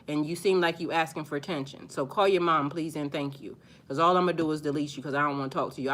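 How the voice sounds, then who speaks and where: Sassy, bright-voiced woman live-streaming. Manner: sassy, blunt, talks back to commenters; rises loud and high when worked up. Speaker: spiritual live-stream host. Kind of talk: live-stream chat replying to viewers.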